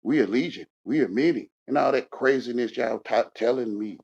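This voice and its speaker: On a panel, a man rants heatedly and casually, repeating himself and getting confrontational as he swings between shouting and muttering. His mid-range voice has vocal fry and runs a little fast, and the lo-fi recording sounds dull.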